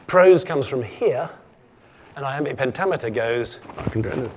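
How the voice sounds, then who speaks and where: A man's voice: mid-range voice, animated, normal speed, heavy background noise. Jokey man giving a keynote lecture. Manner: playful and jokey, with frequent stammered restarts. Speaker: keynote speaker. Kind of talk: humorous conference lecture.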